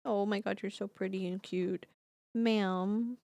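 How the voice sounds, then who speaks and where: A woman streamer talks to her cat in soft, affectionate baby talk and drops the odd swear word. Her delivery is slow and unhurried with a gravelly fry. The sound is dry and close, from a desk mic in a home setup with sound foam. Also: mid-range voice, fairly even intonation, no room sound. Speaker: streamer and singer. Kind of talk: casual live-stream chat.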